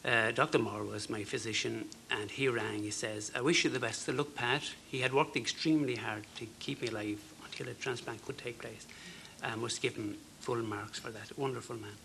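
An Irish man in his fifties with a gravelly but bright voice tells his story as a talk show guest. He speaks earnestly and haltingly, and some phrases drop almost to a whisper. Faint studio noise sits behind him. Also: mid-range voice, fairly even intonation. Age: 50s. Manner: earnest, halting, with fillers and soft dropped phrases. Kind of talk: personal storytelling.

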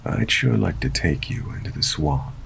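A man's voice: low-pitched, lively intonation, normal speed, creaky, a bit bright, a little hiss or hum, exaggerated voice. A man voicing a creepy, pushy old man driving a van, in an insistent, leering manner, inside a spoken horror story.

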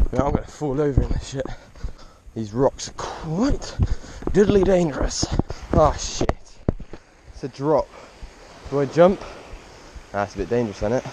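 Young male travel vlogger, breathless and excitable, swears freely, phone mic with clear wind and outdoor noise. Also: mid-range voice. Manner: excitable, swears often, talks to camera. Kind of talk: casual vlog while running outdoors. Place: outdoors on rocky coast and beach. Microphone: phone held while moving.

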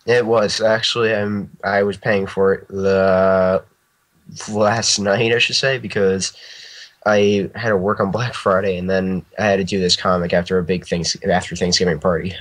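A man's voice: low voice, level tone, normal speed, fairly bright tone, low-quality recording. A man chatting casually as a guest artist, rambling and restarting his sentences and laughing often. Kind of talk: casual chat.

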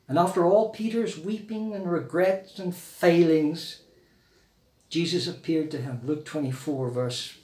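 South African male pastor, high voice, earnest sermon, echoey room. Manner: earnest, acts out quoted voices in the story.

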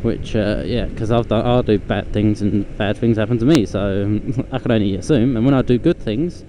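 A man's voice: on the low side, moderate pace. A man rambling bluntly and swearing casually as he vlogs while riding a scooter outdoors. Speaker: vlogger. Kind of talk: casual rambling vlog chat. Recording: loud traffic and engine noise.

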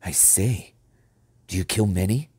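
A man's voice: low voice, a little slow, darkish tone, breathy edge, dry recording. A man voicing a cautious, nervous young boy who speaks hesitantly and a little huskily, in a storybook reading.

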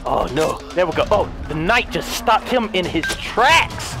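A man giving excited, yelling commentary while playing a video game, shouting orders at his units. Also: high-pitched, a little slow, hardly any pauses, over music. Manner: yelling commands at units, wildly animated. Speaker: gaming YouTuber.

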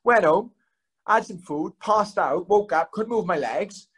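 This young podcast guest, a fighter, has a high, animated voice that is a bit bright and slightly rough, and he speaks without hurrying. In casual chat he rambles through self-deprecating stories laced with swearing.

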